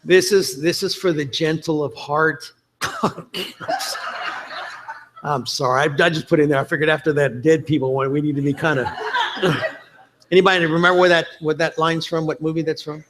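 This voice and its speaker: A man's voice: a little high, fairly even intonation, normal speed, background noise. A man giving a chatty, joking conference presentation, quoting movie lines for laughs. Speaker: conference speaker.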